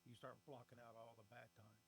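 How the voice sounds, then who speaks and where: Quiet reflective older man. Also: medium pitch, level tone, fairly quick, a little hiss or hum, poor audio. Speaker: stepfather and guest. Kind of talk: reflective conversational interview.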